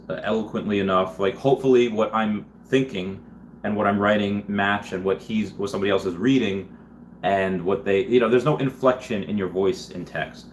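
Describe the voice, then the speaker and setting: A man with a somewhat low voice hosts a casual livestream, chatting with viewers and reading their comments aloud. He rambles and restarts often but picks up energy when he answers them. A faint noise sits behind the voice. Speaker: livestream host.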